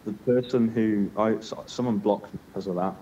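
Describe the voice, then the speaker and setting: A young man trades crude, teasing banter on a casual podcast. His voice sits low and mellow. He sounds a little distant from a dull-toned mic. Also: fairly even intonation, moderate pace, a little hiss or hum. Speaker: podcast co-host. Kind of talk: casual chat.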